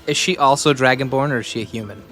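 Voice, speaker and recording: A man chats casually as a player at a tabletop game, asking questions and cracking jokes at a medium pitch. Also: quick pace, fairly bright tone, soft background music. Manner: casual, joking.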